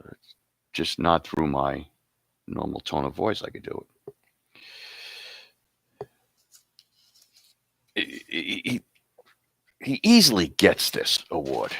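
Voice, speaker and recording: A man's voice: deep voice, vocal fry, a bit bright, dry recording. A man hosting an awards show, rambling and joking casually between announcements. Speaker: host presenting awards.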